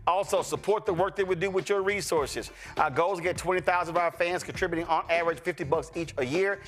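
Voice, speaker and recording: A man's voice: high voice, quick pace, fairly bright tone, soft background music. A man hosting a talk show, blunt and joking, talking slang and cussing straight to his viewers. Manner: speaks straight to viewers, appeals for support. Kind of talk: unscripted show banter and storytelling.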